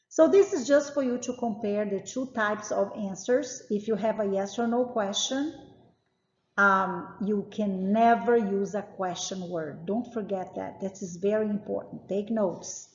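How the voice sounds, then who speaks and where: A woman's voice: medium pitch, darkish tone. A woman teaching a language lesson, explaining grammar patiently and emphatically and repeating each example. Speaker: Spanish teacher. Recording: roomy, echoey, dull lo-fi sound.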